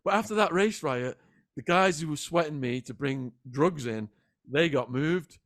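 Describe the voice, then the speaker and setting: A man guest in a sit-down interview, retelling events in an animated, dramatic way. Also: a little high, a little slow, no echo, clean studio sound. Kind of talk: vivid storytelling in a sit-down interview.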